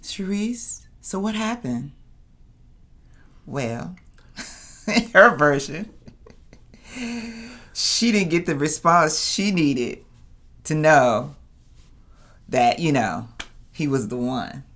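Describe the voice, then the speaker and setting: A woman co-hosting a casual show recap, playful and quick with jokes and laughter. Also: low-pitched, a bit bright. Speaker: co-host.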